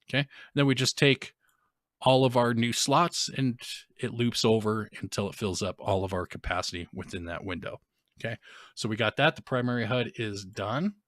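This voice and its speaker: A man walks viewers through his game project on a live stream, talking off the cuff with restarts and casual grammar. His voice sits low but has a bright, forceful edge. The sound is dry and close. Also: no echo. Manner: rambling, restarts and fillers, informal grammar. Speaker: game development tutorial streamer. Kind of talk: live-stream coding tutorial.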